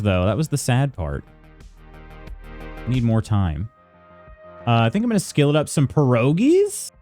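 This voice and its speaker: A man's voice: mid-range voice, big pitch swings, moderate pace, long pauses, darkish tone, faint music behind. A man streaming live, chatting casually with viewers and greeting them by name while reading the chat aloud. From United States.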